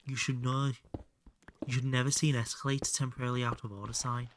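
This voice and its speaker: A man's voice: mid-range voice, a little fast, long pauses, slight background noise. A man chatting casually with his viewers while playing a game, joking and bantering, now and then muttering under his breath. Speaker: streamer. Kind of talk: casual live-stream chat while gaming.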